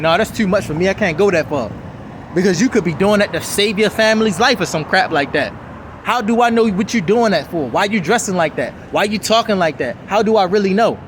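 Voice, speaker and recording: A man delivers a heated, preachy rant to camera, looping back to the same catchphrases. His voice sits high for a man. Faint street traffic hums in the background. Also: fairly bright tone. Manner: fired-up, preachy, repeating catchphrases. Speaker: vlogger.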